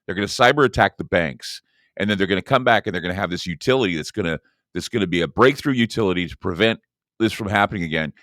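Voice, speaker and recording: A man's voice: deep voice, a bit bright, dry recording. A man hosting a talk radio show, talking in a rambling, emphatic way with many restarts, on a close studio microphone.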